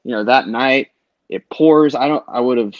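At a measured pace, a middle-aged man in casual podcast chat rambles through lengthy tales of concert trips, cursing freely and acting out what others said. His voice sits at medium pitch, and the audio is dull with no room sound.

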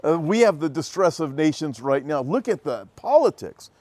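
A man hosting a talk show, reading news headlines slowly and then commenting on them with emphasis, tying them to scripture. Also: fairly high pitch, big pitch swings, a little mellow, dry recording.

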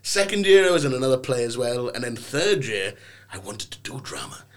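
With a medium-pitched voice, a brisk delivery and a slight hiss or hum on the recording, the young English guest tells tales in a laid-back podcast conversation. His storytelling is lively and theatrical, with playful impressions.

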